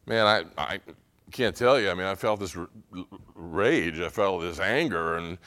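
A man's voice: deep voice, expressive, moderate pace. Earnest male pastor preaching. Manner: earnest, swings from quiet confiding to loud emotional pleading. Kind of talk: sermon.

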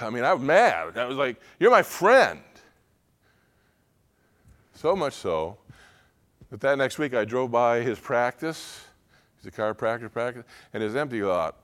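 A middle-aged male pastor preaching a sermon, earnest, moving between quiet confiding talk and loud, emotional pleading. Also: fairly low pitch, clear, resonant tone.

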